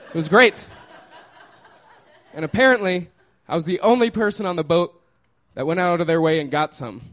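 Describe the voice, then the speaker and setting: A man's voice: high voice, normal speed, a bit bright. A man casually telling a personal story, laughing often and trailing off with fillers.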